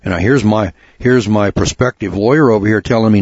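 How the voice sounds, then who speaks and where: Folksy low-voiced radio host, husky. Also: male voice, brisk, few pauses, darkish tone, no room sound, highs cut off. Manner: plainspoken, repeats words, gets worked up. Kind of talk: folksy storytelling monologue.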